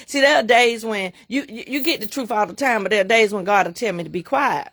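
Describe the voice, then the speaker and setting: A woman's voice: mid-range voice, a little fast, a bit bright, dry recording, studio quality. A middle-aged woman hosting a livestream, preaching in an emphatic, repetitive way and laughing often. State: emotional, near tears. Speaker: livestream host and bookstore owner.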